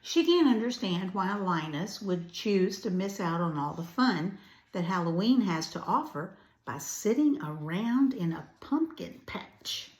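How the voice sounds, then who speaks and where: An older woman reading a children's storybook aloud, gentle and adding chatty asides. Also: lowish voice. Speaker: grandparent storyteller. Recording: roomy echo.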